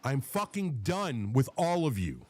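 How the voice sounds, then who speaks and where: A man's voice: medium pitch, big pitch swings, measured pace, a little mellow. A man hosting a podcast, delivering a blunt, profane, combative political rant.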